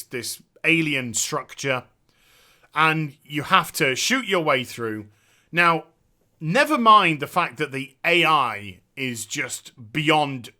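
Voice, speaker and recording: Exasperated male game reviewer, high voice, very bright and cutting, sarcastic and foul-mouthed.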